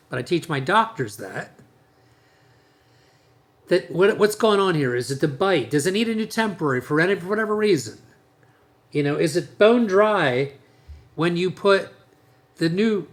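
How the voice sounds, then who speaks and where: Male dentist host: blunt, emphatic delivery with a slightly raised pitch and a lively, swinging intonation. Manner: blunt, emphatic, rambling with restarts. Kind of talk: podcast monologue on leadership.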